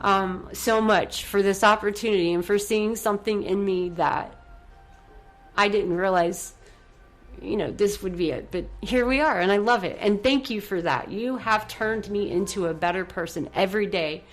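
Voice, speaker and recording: Upbeat woman radio host doing motivational talk, gushy and excited, medium pitch, bit of music low in back. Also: moderate pace. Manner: effusive, upbeat, swings from soft to excited.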